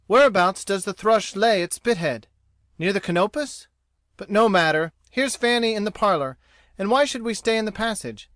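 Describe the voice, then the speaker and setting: A cheerful young naval officer, played by a man talks briskly in a high voice. The recording is dry and close, like an audiobook drama. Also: fairly bright tone, no echo.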